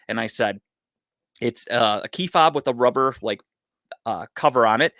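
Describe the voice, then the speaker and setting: A man's voice: mid-range voice, normal speed, no echo, studio quality. A man telling a long story on a casual podcast, swearing a lot and acting out what everyone said. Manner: profane, animated storyteller. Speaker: podcast co-host.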